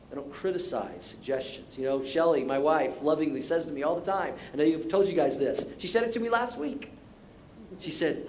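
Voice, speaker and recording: A man's voice: lively intonation, moderate pace, a little mellow. A middle-aged man preaching a sermon as pastor, conversational and self-deprecating, with short repeated exhortations. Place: church sanctuary. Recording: roomy church sound with faint rumble.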